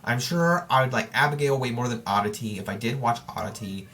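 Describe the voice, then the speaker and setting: A podcast host chats loosely to his audience in a mid-range voice that's a little fast, pushed and bright. He drifts around, frequently restarting and revising what he says, always talking directly to listeners.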